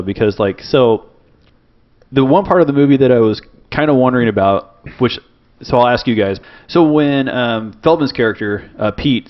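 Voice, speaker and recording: Inquisitive male podcast co-host. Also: mid-range voice. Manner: inquisitive, hesitant with fillers. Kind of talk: casual movie discussion. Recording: dull lo-fi podcast audio.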